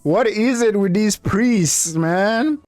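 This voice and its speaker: Reaction host guy, joking around, talks slow, faint music under. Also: high voice, expressive. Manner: joking, laughs often at the show. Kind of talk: casual reaction commentary.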